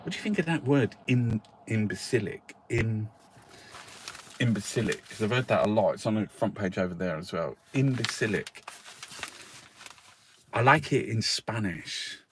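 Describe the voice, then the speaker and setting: Guy chatting through the papers, rambly and sweary, lowish voice, faint hiss. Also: animated, normal speed. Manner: rambling, swears freely, laughs often. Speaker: host reviewing newspapers. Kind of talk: casual chat.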